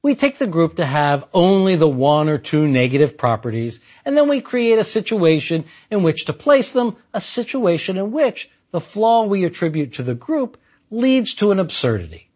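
A male philosophy lecturer with a fairly high, husky voice that swings widely in pitch. He delivers a scripted lecture emphatically, with flashes of dry humor. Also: big pitch swings, normal speed, darkish tone.

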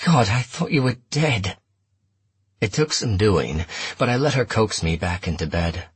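A man narrating a first-person story in a measured, steady audiobook reading. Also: deep voice, slightly rough, no room sound.

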